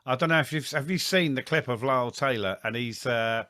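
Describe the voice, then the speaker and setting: A man's voice: mid-range voice, brisk, pushed and bright, dry recording, clean studio sound. A man co-hosting a casual football podcast, chatty and enthusiastic. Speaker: podcast co-host.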